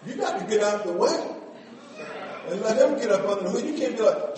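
A middle-aged man preaching a sermon in a church, animated, swinging between shouts and quiet asides. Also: high-pitched, a little fast, a crowd in the background. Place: church sanctuary. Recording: echoey hall, mic at a distance.

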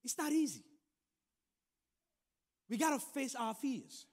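A middle-aged man preaching a sermon and telling a personal story, animated and building to loud emphatic peaks. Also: very high voice, slow. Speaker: pastor. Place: large church room. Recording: long hall reverb.

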